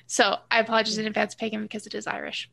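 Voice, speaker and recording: A woman's voice: mid-range voice, flat delivery, racing, vocal fry, crowd noise. A woman guest on a podcast, talking in a rambling, enthusiastic way that drifts into tangents. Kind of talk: casual podcast chat.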